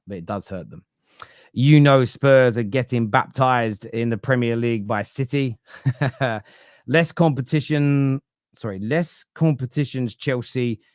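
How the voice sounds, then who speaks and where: A young man talking football from home as a pundit, answering viewer comments in a loose, animated way that trails off and restarts. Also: medium pitch, no echo, studio quality. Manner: animated, laughing, self-interrupting. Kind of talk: live football chat reading viewer comments. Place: home room.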